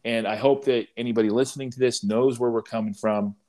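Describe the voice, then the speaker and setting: Wry, halting man telling a tale. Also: mid-range voice, fairly even intonation, mellow. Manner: halting, many restarts, wry humor. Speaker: podcast co-host. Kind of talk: casual conversation and storytelling.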